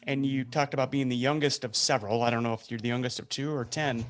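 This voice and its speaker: Male interview host, mid pitch, thoughtful, searches for words, faint noise on the track. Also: steady tone, fast talker. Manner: reflective, with frequent ums and restarts. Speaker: podcast host. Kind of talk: interview conversation.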